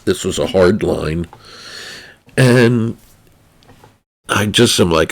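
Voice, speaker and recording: A man's voice: low voice, slow, creaky, pauses often. A man telling a long personal story in a wry, rambling way, full of asides. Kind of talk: casual storytelling.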